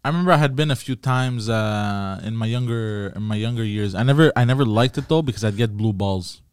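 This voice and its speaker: Man, easygoing guest, mid pitched, smooth and dry sound, hesitant delivery. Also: brisk, no room sound. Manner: hesitant, agreeable, says yeah a lot. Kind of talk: casual comedic chat.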